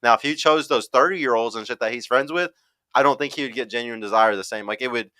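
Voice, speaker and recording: A man hosts a livestream and reacts bluntly to a clip, swearing freely as he reads chat comments aloud. His voice is bright and crisp, with a clean, dry sound close to the mic. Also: medium pitch, fast talker, no echo, low-quality recording.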